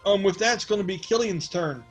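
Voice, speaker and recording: رجل بصوت مرتفع يدير لعبة أدوار. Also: male voice, high voice, a little fast, faint music behind, low-quality recording. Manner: loose and joking, with frequent fillers. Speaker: game master. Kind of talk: narrating a tabletop game.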